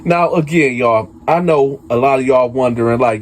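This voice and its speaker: A man's voice: medium pitch, moderate pace, few pauses. A man hosting a prison story channel, telling a story casually and talking straight to his viewers with lots of fillers. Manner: conversational, addresses viewers as y'all, many fillers. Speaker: storyteller host.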